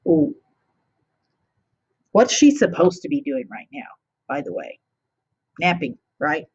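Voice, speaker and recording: A woman teacher reading a picture book to children, pausing often to ask them questions. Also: fairly low pitch, sing-song, creaky, breathy edge, dull audio. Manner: warmly interactive, asking children questions.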